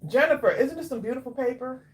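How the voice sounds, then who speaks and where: A woman hosting a casual craft livestream, chatting warmly with viewers by name and drawing out her exclamations while she eats. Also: sits high, fast. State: eating while talking. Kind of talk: casual live chat with viewers.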